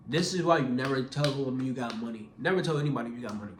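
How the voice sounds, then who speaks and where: A man's voice: mid-range voice, racing, echoey room, slight background noise. A young man telling a personal story casually, acting out voices with lots of restarts. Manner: animated, acts out quoted voices; casual, repeats words and restarts. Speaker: vlogger.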